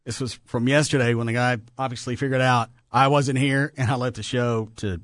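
A man's voice: medium pitch, fairly quick, no room sound. A man hosting a radio show, telling stories in casual studio banter and laughing often. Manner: animated, laughing storyteller.

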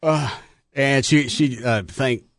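A man's voice: mid-range voice, slow pace, dry recording. A middle-aged man hosting a radio show from the studio, telling joking stories in casual chat. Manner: animated, joking storyteller.

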